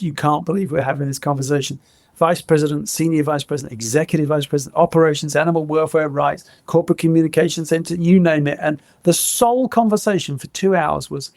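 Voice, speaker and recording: A middle-aged man, a podcast guest, telling animated stories, laughing often and acting out quoted lines. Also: a little high, vocal fry, no room sound. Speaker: guest, former innovation head. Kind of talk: animated anecdotal storytelling.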